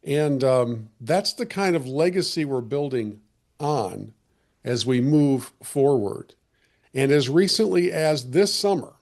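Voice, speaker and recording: A man hosting a podcast conversation, earnest and reflective, often restarting his sentences, and slightly hoarse as he loses his voice. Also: medium pitch, a little mellow. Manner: earnest, with frequent restarts and fillers. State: losing his voice. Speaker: podcast host.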